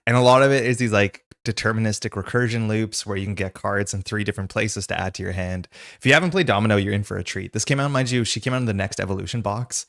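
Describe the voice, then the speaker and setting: A man hosting a live stream, his low voice hoarse and gravelly after losing it a few days before. He talks in a loose, rambling, chatty way, full of "like" fillers, in a dry room with no echo. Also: quick pace, fairly bright tone. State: hoarse, recovering from lost voice. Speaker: stream host. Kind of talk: casual live-stream chat.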